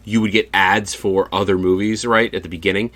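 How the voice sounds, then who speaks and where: A man co-hosting a podcast in casual chat, excitable, swearing freely and laughing often. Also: low voice, brisk, no echo. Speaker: podcast co-host.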